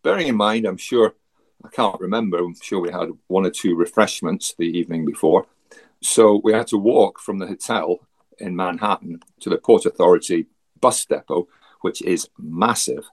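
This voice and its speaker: A man's voice: low voice, moderate pace, breathy edge. A Scottish man from Scotland, a guest telling a travel story in a chatty way, with wry asides and frequent laughs. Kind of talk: casual storytelling.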